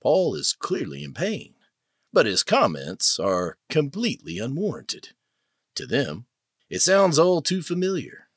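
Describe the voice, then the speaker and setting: A man narrating an audiobook in a dramatic, expressive way. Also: mid-range voice, breathy edge, no room sound, clean studio sound. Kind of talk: scripted narration.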